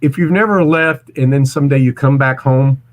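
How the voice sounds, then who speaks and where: A man's voice: medium pitch, normal speed. A man in his forties from Missouri, telling casual stories as a guest, rambling with restarts and stammers. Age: 40s. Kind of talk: casual storytelling.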